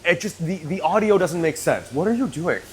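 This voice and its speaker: Chatty, animated man hosting a cooking video. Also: on the high side, fairly quick, heavy background noise. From northern China. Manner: joking, chatty, switches into Mandarin. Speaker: cooking channel host. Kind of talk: casual cooking commentary.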